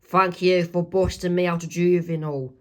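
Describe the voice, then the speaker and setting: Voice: medium pitch, moderate pace, natural voice. A reader doing Candace, the teen girl. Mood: plain. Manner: read flatly from a comic strip. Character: teenage girl locked up and protesting innocence. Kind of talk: amateur comic read-aloud.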